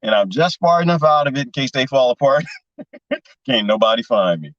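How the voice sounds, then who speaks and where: Laughing often over viewer comments, a livestream host who lives in Texas chats casually in a rambling, conspiratorial manner. His mid-range voice has lively intonation and a moderate pace, recorded on a distant mic with no room sound and the highs cut off.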